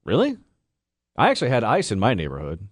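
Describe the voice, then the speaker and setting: A man co-hosting a radio show, chatting casually and quick to agree and laugh. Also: mid-range voice, wildly swooping pitch, slightly rough, dry recording, clean studio sound. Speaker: radio co-host. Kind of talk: casual chat.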